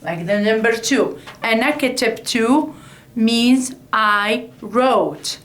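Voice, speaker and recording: A woman teaching a language lesson, explaining slowly and repeating each word several times. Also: a little high, a bit bright, distant mic. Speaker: Arabic teacher. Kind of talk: slow classroom explanation at a board. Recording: echoey room, voice from off-mic.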